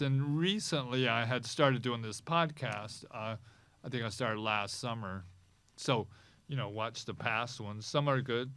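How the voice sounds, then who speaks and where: A man hosting a podcast, talking in a rambling, halting way, hoarse and losing his voice, in a small podcast studio. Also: mid-range voice, fairly bright tone, dry recording. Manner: rambling, halting, with many restarts. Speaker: podcast host. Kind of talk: casual chat.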